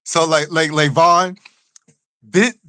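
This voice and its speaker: A man's voice: fairly high pitch, fairly even intonation, slow, sharp tone, smooth, no room sound. A man hosting a live stream in a casual, easygoing chat who greets viewers by name.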